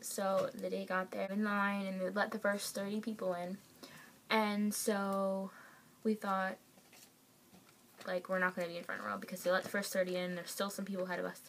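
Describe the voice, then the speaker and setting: A young woman telling a story to the camera at home, excited and gushing, with lots of fillers. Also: mid-range voice, normal speed, slight background noise. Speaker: vlogger.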